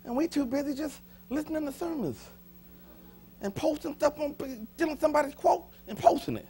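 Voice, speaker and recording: A man preaching a sermon as pastor, folksy and joking with the congregation, swinging between soft asides and sudden shouts. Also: very high voice, very animated, fairly quick, creaky. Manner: folksy, humorous, talks to the congregation. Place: church sanctuary.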